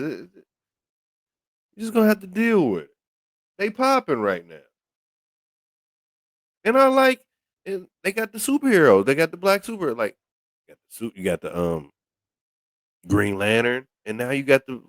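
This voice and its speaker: A man who hosts a podcast chats casually, recorded with clean studio sound and no echo. His pitch moves around energetically, and he often stammers, restarting sentences and repeating words.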